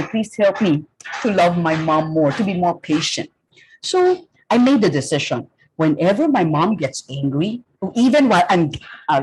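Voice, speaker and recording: A middle-aged woman with a Filipino accent giving a lively talk to students, often checking in with "okay?". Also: on the low side, slight background noise, rough recording. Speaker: guest speaker.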